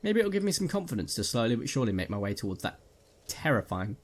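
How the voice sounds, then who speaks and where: A man commentating on his own gameplay into a headset, chatting to his viewers as he goes. His pitch swings widely as he jokes and jumps at whatever he hears in the game. His voice sits at a middle pitch for a man. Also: very animated, quick pace. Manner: jokey, jumpy, talks to viewers while playing. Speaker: gaming video creator.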